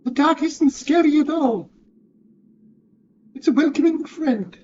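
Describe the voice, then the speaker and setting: A man voicing a gentle goblin who soothes a frightened companion in a high sing-song way, recorded on a dull home mic. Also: unhurried, distant mic, a little hiss or hum. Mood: soothing. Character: soft-spoken goblin comforting a friend.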